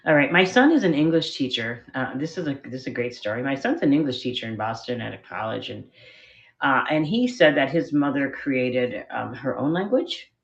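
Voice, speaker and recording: This online jewelry seller, a middle-aged woman, runs a live-stream auction of vintage pieces from her home's spare bedroom, rambling chattily and self-deprecatingly as she presents each one. She speaks at normal speed in a bass voice with lively intonation, and the recording sounds muffled.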